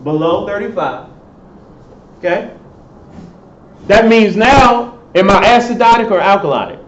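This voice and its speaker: Quizzing students and then answering his own questions, a high-voiced male professor delivers a class lecture. He's animated but unhurried. The echoey hall makes the recording sound dull, with a faint hiss.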